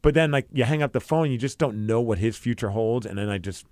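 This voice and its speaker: A man hosting a radio show, also a podcast host, tells an emotional personal story with sincerity, doing the quoted lines himself. His voice is mid-range, fairly quick and a little mellow, in clean, echo-free studio sound from a radio studio.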